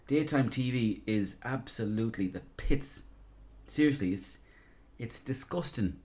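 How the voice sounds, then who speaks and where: A man's voice: medium pitch, a little fast, darkish tone. An Irish man hosting a podcast, talking in a casual, rambling, sweary and jokey monologue. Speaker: podcast host.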